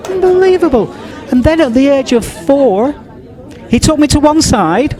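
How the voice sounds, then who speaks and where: A man's voice: high voice, lively intonation, slow, long pauses, crowd noise, background noise. A man from northern England doing a stand-up comedy set, firing off bawdy one-liners and laughing along with the jokes. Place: comedy club stage. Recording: echoey club from far off with audience.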